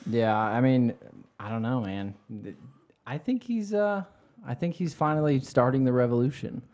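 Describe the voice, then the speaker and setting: Male podcast guest, mid-pitched, blunt, halting with fillers. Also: big pitch swings, a little mellow. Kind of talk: casual chat.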